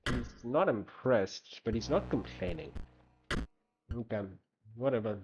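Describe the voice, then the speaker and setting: A man streaming a card game, thinking aloud and reacting quickly in casual commentary. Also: mid-range voice, animated, lo-fi sound, noisy background. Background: game music.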